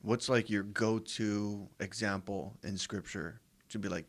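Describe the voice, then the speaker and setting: A man's voice: on the low side, fairly even intonation, measured pace. A man who hosts a podcast and works as a pastor, asking loose, rambling interview questions. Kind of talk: casual interview chat.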